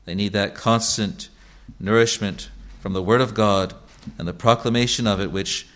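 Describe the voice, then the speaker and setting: A man preaching a sermon to his congregation as their pastor, speaking in an earnest, measured way and repeating phrases for emphasis. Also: lowish voice, steady tone, fairly bright tone.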